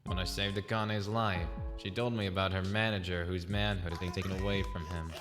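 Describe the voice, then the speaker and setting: A self-serious young hero , voiced by a man, narrates his good deeds in a very deep, deadpan voice. He delivers the lines quickly, with music underneath. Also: close to an everyday voice.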